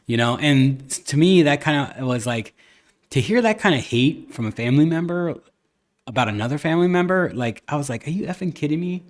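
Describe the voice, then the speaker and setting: Chatting casually on his podcast, a man animatedly recounts a family story, often starting over mid-sentence, reenacting what people said and letting the odd swear word slip. He speaks at a normal speed in a mid-range voice.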